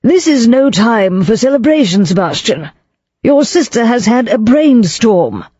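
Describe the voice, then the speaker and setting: A woman's voice: a little high, sing-song, unhurried, dark tone, slightly rough, no echo, highs cut off, pitched above the performer's own voice, heavily acted. Haughty older aristocratic lady, read by a woman. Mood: scornful. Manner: haughty, scornful.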